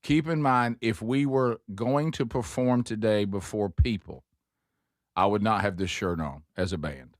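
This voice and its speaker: A low-voiced man rambles through studio banter as the host, joking and restarting his sentences. The sound is dry and close, with no room around it. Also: a little slow, no room sound. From Alabama.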